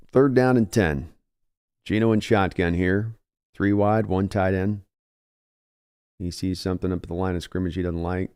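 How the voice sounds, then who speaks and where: Smooth-voiced man calling plays live. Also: steady tone, normal speed, pauses often, a little mellow. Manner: conversational, climbs in pitch and energy on big plays. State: early morning voice. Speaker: live reaction host. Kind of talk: fan play-by-play commentary.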